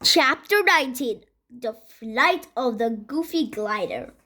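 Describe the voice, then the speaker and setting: A woman reads a children's book aloud in a high voice, going slowly. She stumbles and restarts words now and then. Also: lively intonation, sharp tone. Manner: halting, with slips and restarts. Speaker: reader.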